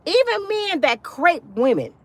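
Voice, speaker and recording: Animated high-voiced woman ranting. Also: a little slow, dry recording. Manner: emphatic, slangy, acts out quotes in shifting voices. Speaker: commentary vlogger. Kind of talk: animated storytelling rant.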